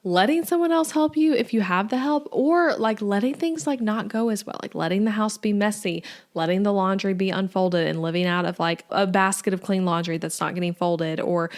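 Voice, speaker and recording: A woman's voice: medium pitch, normal speed. A young woman hosting a podcast, talking casually with lots of fillers. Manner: chatty, lots of "like" and "um". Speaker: podcast host. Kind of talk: casual solo podcast talk.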